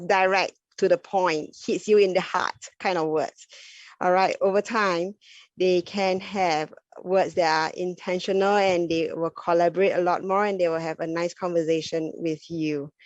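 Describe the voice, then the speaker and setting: A woman speech therapist with a slightly low voice gives an educational talk. She explains patiently and keeps checking in with her listeners. The recording is dull and lo-fi, with a dry, close sound. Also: a little mellow, no room sound. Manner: explanatory, often checks in with "okay?" and "all right?".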